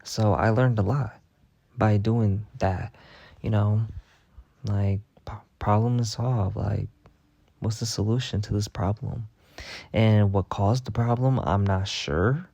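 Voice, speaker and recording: A young man telling a rambling, profane story in a casual monologue, packed with filler words and deadpan bragging. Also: on the low side, takes it slowly, gravelly, no echo. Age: young adult. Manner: rambling, heavy on "like" fillers and swearing. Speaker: vlogger.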